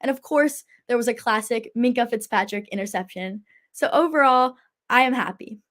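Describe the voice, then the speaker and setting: Teen girl, sports show host, chatty and upbeat, fairly high voice. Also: moderate pace, fairly bright tone. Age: teens. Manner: chatty and enthusiastic, laughs often. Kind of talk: casual sports talk.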